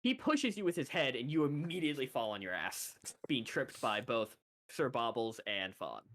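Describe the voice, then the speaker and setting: A man's voice: mid-range voice, sing-song, normal speed, a bit bright. A man running a tabletop game as game master, narrating loosely with frequent laughs.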